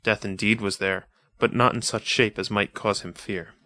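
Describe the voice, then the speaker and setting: A man reading an adventure story aloud in a measured, atmospheric manner. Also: fairly low pitch, fairly even intonation, pushed and bright, dry recording. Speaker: audiobook narrator. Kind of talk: scripted narration of a pulp adventure story.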